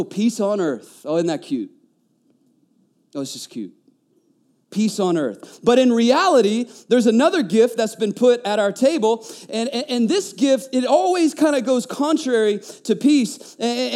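A man, preaching a conversational sermon, telling stories with lively stammering restarts. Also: very high-pitched. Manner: animated storytelling, stammering restarts. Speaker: pastor.

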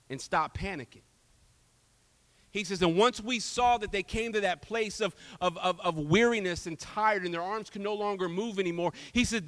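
A man preaching a sermon in an animated way, swinging from loud to soft. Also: high voice. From Houston, Texas. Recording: long echo of a large hall.

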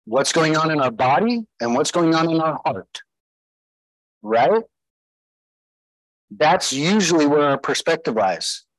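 A man's voice: fairly high pitch, big pitch swings, measured pace, long pauses, no echo, poor audio. A man preaching a sermon as pastor, emphatic, putting rhetorical questions to his listeners.

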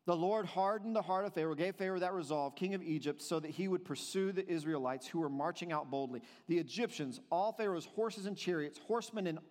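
High-pitched guy preaching a sermon, swings soft to loud, big hall reverb. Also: brisk, few pauses. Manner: expressive preaching, swings between soft and emphatic. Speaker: pastor.

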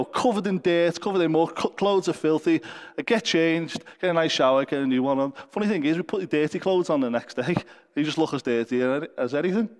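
A man preaches a sermon in a high, bright-pitched voice, earnest and conversational with occasional gentle jokes. His words ring out with a long church-hall reverb. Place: church service.

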